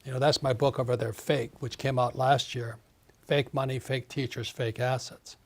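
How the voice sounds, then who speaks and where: A man's voice: medium pitch, level tone, normal speed. A man in his seventies, an author being interviewed, ranting emphatically, repeating words and mimicking others. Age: 70s. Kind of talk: animated interview talk.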